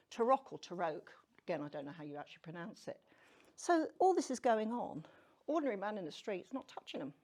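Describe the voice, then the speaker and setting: A woman's voice: medium pitch, a little mellow. A woman giving a chatty, self-deprecating talk on tarot to a live audience, often asking them questions. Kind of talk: casual lecture to a live audience. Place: venue room with an audience.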